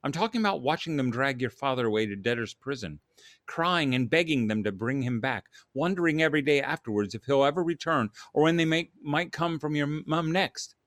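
A man's voice: medium pitch, expressive, brisk, fairly bright tone, no echo, studio quality, pitched above the performer's own voice, natural voice. A man reading a storybook aloud and voicing a troubled, driven Victorian writer who speaks with urgent, bitter intensity. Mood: anguished.

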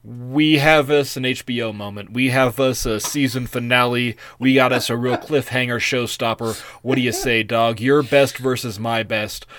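A man voicing an earnest, reasonable male prince warrior who pitches a deal in laid-back slang. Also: steady tone, moderate pace, few pauses, a bit bright, close to an everyday voice. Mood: persuasive.

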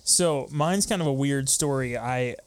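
A man of middling pitch telling a story on a podcast. He talks in a relaxed, casual way. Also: measured pace, clean tone, dry recording. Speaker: podcast co-host.

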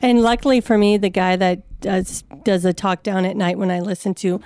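A woman appearing as a regular guest on a radio show, playful and quick to laugh. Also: mid-range voice, steady tone, darkish tone, clean tone, no echo. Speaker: chamber of commerce guest. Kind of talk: casual talk radio banter. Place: radio studio. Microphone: studio microphone.

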